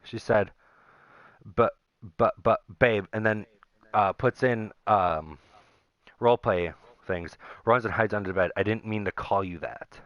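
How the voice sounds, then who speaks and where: A man's voice: lowish voice, unhurried, no room sound, lo-fi sound. A young man venting casually to his viewers, rambling and aggrieved as he reads out old messages. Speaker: gaming YouTuber. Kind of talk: casual vent to camera.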